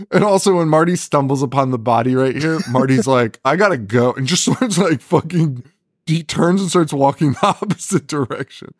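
A man recapping a horror movie in casual podcast chat, animated and profane, laughing often as he retells scenes. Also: a little high, normal speed, dry recording, studio quality. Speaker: podcast co-host.

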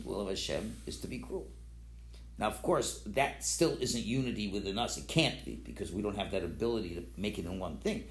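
Male teacher, informal Torah class, expressive delivery with plenty of restarts, roomy echo. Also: on the low side. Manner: animated, acts out quoted voices, restarts often. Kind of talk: informal Jewish philosophy class.

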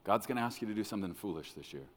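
Animated male pastor in a reverberant hall. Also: fairly low pitch, very fast. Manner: dramatic, swings between loud and hushed. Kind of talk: sermon. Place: church hall. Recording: long reverb of a large hall.

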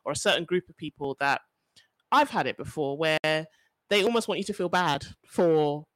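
Man talking carefully in a group chat, slightly high voice, dry close mic. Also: lively intonation, fairly bright tone, no echo. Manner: measured, hedging, chooses words carefully. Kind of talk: casual group discussion.

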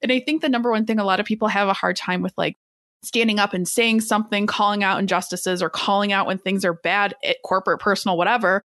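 A woman's voice: medium pitch, steady tone, fast talker, fairly bright tone, no echo, studio quality. A young adult woman hosting a casual interview, talking in a chatty, filler-heavy way and quoting people with lots of animation. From Metro Detroit area.

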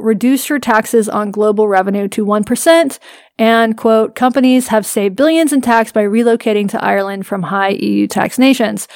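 A woman co-hosting a casual podcast, telling a story with dry wit and frequent laughs. Her voice sits a bit high for a woman. The sound is dry and close, with no room around it. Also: dry recording. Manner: wry, storytelling, laughs often. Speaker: podcast co-host. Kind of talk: casual chat.

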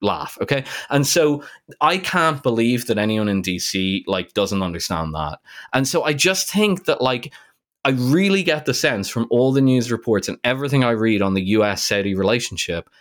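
A man co-hosting a casual current-affairs podcast, talking in an animated, incredulous way with frequent restarts. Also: medium pitch, moderate pace. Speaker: podcast co-host.

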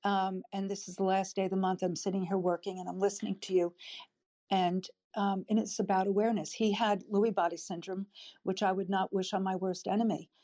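Older woman, tearful and halting, mellow tone, heartfelt sharing. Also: mid-range voice, level tone. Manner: emotional, halting, warm-hearted. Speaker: audience member speaking up. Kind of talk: emotional personal sharing.

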